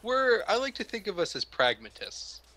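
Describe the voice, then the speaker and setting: A man's voice: sits high, sing-song, moderate pace, sharp tone, low-quality recording. A man playing a tabletop game, wry and often laughing along. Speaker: player.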